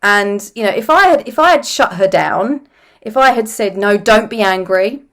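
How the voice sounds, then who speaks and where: A woman's voice: fairly high pitch, big pitch swings, normal speed, fairly bright tone. A middle-aged woman coach speaking earnestly and unhurriedly in a reflective course talk, often repeating phrases and saying "you know.". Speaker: personal growth coach.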